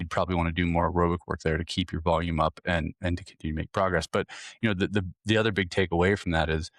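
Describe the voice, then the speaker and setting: A man's voice: sits low, no room sound, studio quality. A man hosting a hunting fitness podcast, talking earnestly in a casual coaching way and often repeating words as he restarts. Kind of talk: casual solo podcast talk.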